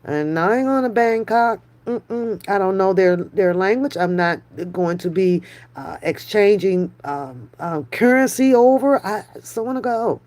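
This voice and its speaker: A woman hosting a live stream, chatting casually with viewers in a slow, drawn-out way, often brushing things off with a dismissive "mm-mm". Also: mid-range voice, lively intonation, a little mellow. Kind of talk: casual chat.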